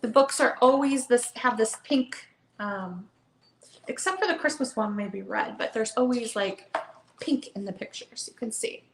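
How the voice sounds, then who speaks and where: A woman's voice: fairly high pitch, normal speed, slight background noise. Chatty woman hosting a live book sale. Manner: chatty and upbeat, calling out bids. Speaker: online book sale host. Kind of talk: casual live auction chat. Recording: echoey room.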